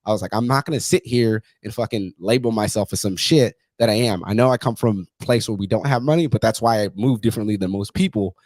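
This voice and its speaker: A man's voice: lowish voice, fast, few pauses, a little mellow, no room sound. A man in his thirties talking bluntly and profanely about his family in a casual conversation.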